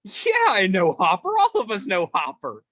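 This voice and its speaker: A friendly old farmer monk with a sword at his hip, voiced by a man in a high, bouncy, exaggerated accent. The voice leaps up and down with bright, forceful energy. The sound is dry and close. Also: huge pitch swings, fast talker, dry recording, exaggerated voice. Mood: warm welcoming.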